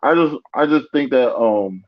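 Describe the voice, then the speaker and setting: A man's voice: mid-range voice, lively intonation. Hesitant man on dull lo-fi audio. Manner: halting, hesitant, repeats himself. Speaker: podcast co-host. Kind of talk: casual podcast chat.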